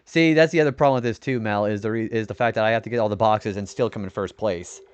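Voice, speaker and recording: Young male streamer with a clear, smooth nerdy voice, rambling chat and frequent swearing while he plays. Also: on the low side, quick pace, muffled recording. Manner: rambling, swears often when frustrated; self-described nerdy voice. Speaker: game streamer. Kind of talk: casual gaming stream chat.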